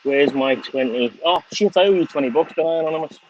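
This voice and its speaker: A man's voice: fairly high pitch, quick pace. A middle-aged man with a Scouse accent talks casually on a livestream while outdoors on a windy, sunny day. He swears often and thanks his viewers one by one. The audio is a bit dull and lo-fi, with faint noise behind him. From England. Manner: swears freely, chatty, thanks viewers by name. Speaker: vlogger. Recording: slightly dull lo-fi stream audio.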